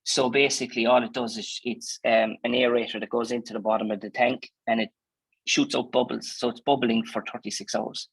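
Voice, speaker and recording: Man, Irish accent, farmer, husky voice, dry sound, rambling casual answers. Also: mid-range voice, little pitch movement, a little fast, no room sound, low-quality recording. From Ireland. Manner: chatty, plainspoken, lots of fillers and restarts. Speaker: dairy farmer. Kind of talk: conversational interview answers.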